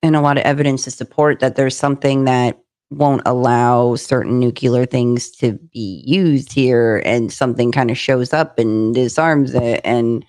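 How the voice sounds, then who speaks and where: A woman's voice: rumbling low, steady tone, normal speed, darkish tone. A woman hosting a casual interview. She asks curious, loosely phrased questions that ramble before landing. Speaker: host.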